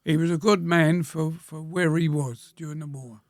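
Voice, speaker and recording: A war veteran of about 100, a guest in an interview, answers with plain, slow reminiscences full of pauses and throat-clearing. His voice is a little high and gravelly with fairly even intonation, recorded close and dry with no room sound.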